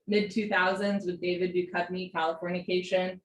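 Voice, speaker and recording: Calm woman leading yoga. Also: fairly low pitch, moderate pace, a little hiss or hum. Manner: calm, encouraging cues with chatty asides. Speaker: yoga instructor. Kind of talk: live-streamed yoga class instruction. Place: home room. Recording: roomy home recording.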